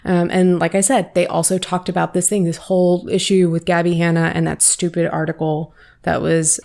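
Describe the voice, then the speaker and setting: A woman hosting a commentary vlog, giving her opinions in a measured, reflective way. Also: lowish voice, flat delivery, gravelly, a little mellow. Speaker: commentary channel host.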